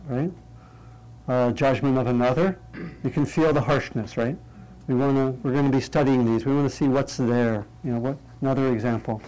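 A man leading a meditation class in an interactive talk, lighthearted and checking in with the group, thinking aloud through pauses and restarts. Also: medium pitch, steady tone, warm tone, rough recording. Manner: light, humorous, often checks in with "right?". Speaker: meditation teacher.

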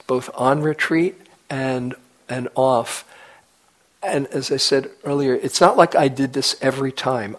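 A man serving as a meditation teacher gives a dharma talk at a retreat, gentle and unhurried, sometimes dropping to a soft whisper. His voice is medium-pitched, and the audio is poor.

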